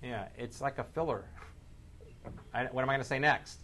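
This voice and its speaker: A man leading a live sales training seminar, energetic, quizzing the audience and shifting his speed and loudness for emphasis. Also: medium pitch, normal speed, a little hiss or hum.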